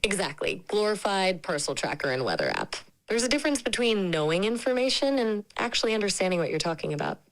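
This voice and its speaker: A woman's voice: mid-range voice, big pitch swings, fast talker, hardly any pauses, poor audio. A woman's synthetic voice speaking as an AI companion, chatting in a friendly, casual, opinionated way. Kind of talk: conversational AI chat.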